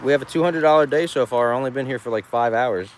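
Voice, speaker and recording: A man's voice: mid-range voice, fast talker. A man, a farmer selling goods at a roadside stand, chatting casually and joking on a livestream, rambling and often laughing. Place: outdoors beside a busy road. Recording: traffic noise outdoors.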